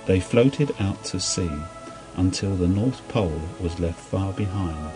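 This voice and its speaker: A man gently reading a children's story aloud in an unhurried storybook manner. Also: deep voice, faint music behind, poor audio.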